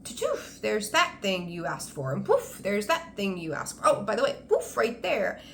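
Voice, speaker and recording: A woman's voice: medium pitch, huge pitch swings, normal speed, vocal fry, a bit bright, a little hiss or hum, heavily acted. A woman voicing a playful genie granting wishes, in a breezy, sing-song way.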